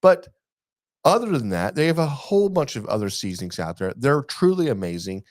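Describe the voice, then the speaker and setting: A man's voice: mid-range voice, sing-song, fairly quick, no echo, clean studio sound. Joking male podcast co-host. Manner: joking, laughing, rambling. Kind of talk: casual chat.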